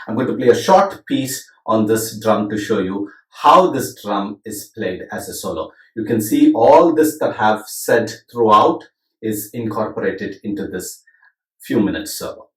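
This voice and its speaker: A man's voice: fairly low pitch, animated, a little slow, far from the mic. A middle-aged man teaching percussion, counting beats aloud and reciting drum syllables in rhythm. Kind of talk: demonstrating rhythm lesson. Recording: roomy echo with drum music.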